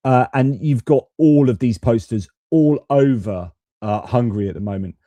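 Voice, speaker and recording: A man's voice: mid-range voice, normal speed, mellow, no room sound. A man hosting a live stream of off-the-cuff political commentary, with loose talk and restarts. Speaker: host.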